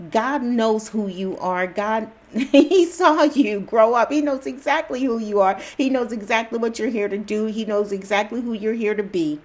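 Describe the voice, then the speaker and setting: A woman's voice: mid-range voice, darkish tone. Woman host, casual spiritual pep talk to camera; reassuring, repetitive, slangy, chuckles often.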